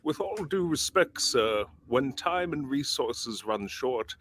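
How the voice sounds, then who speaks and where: Dignified polite old butler, voiced by a man, measured, faint ambience behind. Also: medium pitch, animated, fairly bright tone, a little hiss or hum. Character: loyal older male butler, dignified.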